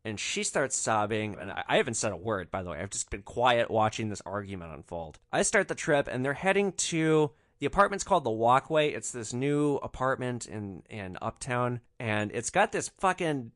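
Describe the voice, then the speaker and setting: A man's voice: medium pitch, big pitch swings, normal speed, hardly any pauses, a bit bright, no echo, clean studio sound. A male podcast host telling a story in a sardonic, profane way.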